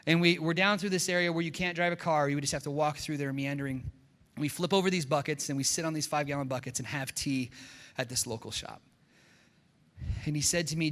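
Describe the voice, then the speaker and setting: A man preaching a sermon as pastor, telling a story with lively acted-out quotes. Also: fairly high pitch, a little fast, in a large hall. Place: church sanctuary.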